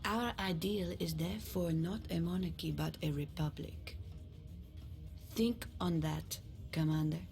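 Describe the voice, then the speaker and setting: An actress playing a cool, reasoned dragon noblewoman in a video game, speaking in a measured, lofty way. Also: on the low side, creaky, darkish tone, soft background music.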